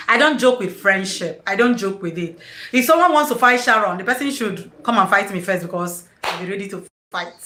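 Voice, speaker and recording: A high, bright woman's voice with a Nigerian English accent, talking unhurriedly and laughing often through an effusive live-stream chat. The recording has a roomy echo and a faint hiss underneath. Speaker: YouTuber hosting a live stream.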